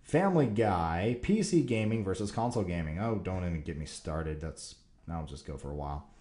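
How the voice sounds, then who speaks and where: A man hosts a casual Q&A show, rambling enthusiastically through viewer questions in loose talk packed with fillers. His low, mellow voice is expressive and moves at normal speed, and the recording has a roomy echo.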